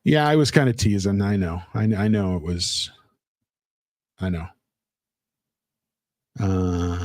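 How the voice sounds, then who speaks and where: A man's voice: low voice, slow pace, pauses often, darkish tone, dry recording. A man hosting a casual livestream, reading out chat comments in a rambling, playful way with lots of fillers. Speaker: livestream host.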